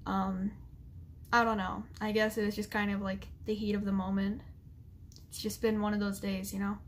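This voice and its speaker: A woman's voice: mid-range voice, flat delivery, slight background noise. Tearful young woman vlogger apologizing. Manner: halting, with many fillers and restarts. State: holding back tears. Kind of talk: emotional apology vlog.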